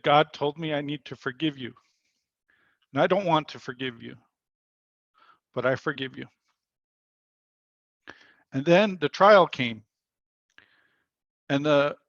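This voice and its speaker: A man's voice: a little high, fairly bright tone, no echo, lo-fi sound. A man leading a spiritual workshop over a video call, telling a story earnestly and quoting the people in it. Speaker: workshop leader.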